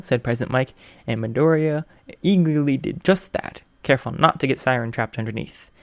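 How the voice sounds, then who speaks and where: A man reads a fan fiction story aloud in an even, unhurried narrating voice. The sound is dry and close, with no room around it, and his pitch sits in a middle range. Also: creaky, no room sound. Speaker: audiobook reader.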